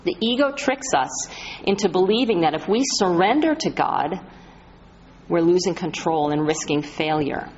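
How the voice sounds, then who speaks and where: A woman with a fairly low, darkish voice speaks at normal speed, presenting herself as a spiritual medium. She gives an inspirational talk in an earnest storytelling style, pressing hard on key phrases. The recording is lo-fi and slightly muffled.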